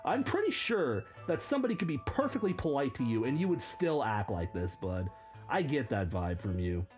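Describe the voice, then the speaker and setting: A man's voice: medium pitch, very animated, a little fast, a little mellow, faint music behind. A man hosting reaction commentary, sarcastic and mocking. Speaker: commentary host.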